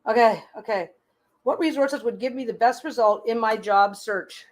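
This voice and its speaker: A woman's voice: on the high side, normal speed. A woman reading tarot cards on a casual live stream. She gives chatty, reassuring advice, often restarting and repeating her phrases.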